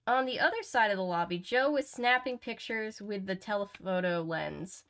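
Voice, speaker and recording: A woman's voice: medium pitch, moderate pace, fairly bright tone. A woman hosting a live stream, reading a novel aloud with chatty asides, often stumbling and correcting herself. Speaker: host.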